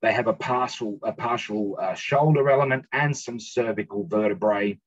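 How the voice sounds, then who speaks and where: Aussie guy giving a casual science talk on a video call, kinda low and husky, dull lo-fi sound. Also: normal speed. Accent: Australian. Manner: informal, explanatory, often checks in with "okay?". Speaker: guest researcher giving a lecture. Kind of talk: slide-based science talk.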